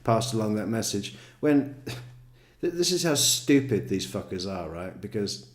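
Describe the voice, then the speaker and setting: A man with a fairly low voice rants through true crime commentary. He swears freely and sounds sarcastic and exasperated. Now and then he mocks other people in quick put-on voices. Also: sing-song. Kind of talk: profane ranting commentary.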